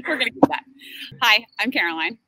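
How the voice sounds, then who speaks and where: A woman's voice: fairly high pitch, expressive, moderate pace, bright, forceful tone, rough recording. A woman in her twenties being interviewed about her design work, chatty and laughing often, with lots of fillers. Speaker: creative and design manager, interviewee. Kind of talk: casual interview.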